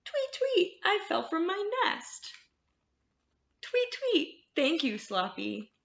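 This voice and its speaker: Lady doing a squeaky little baby bird, tweeting, way up high, echoey room. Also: wildly swooping pitch, slow, creaky, a bit bright, muffled recording, exaggerated voice. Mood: grateful. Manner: high chirpy tweets, urgent. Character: tiny frightened baby bird, chirping.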